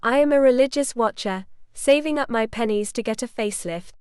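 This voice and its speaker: A woman's voice: on the high side, fairly quick, clear, resonant tone, dry recording, clean studio sound, close to an everyday voice. A woman voicing a blunt nosy older waitress.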